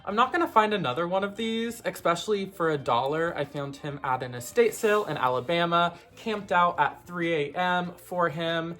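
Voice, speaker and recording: A vintage toy collector hosts a casual vlog about her old plush toys, rambling conversationally with plenty of fillers. Her voice is medium in pitch and a bit bright.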